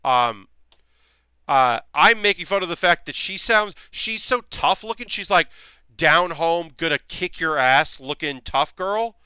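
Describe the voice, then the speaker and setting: Brief: male streamer, bright tense voice, rambly casual chat from a home workshop. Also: on the high side, lively intonation, unhurried, smooth, no room sound, clean studio sound. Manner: rambling, chatty, many fillers. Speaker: streamer building costume armor.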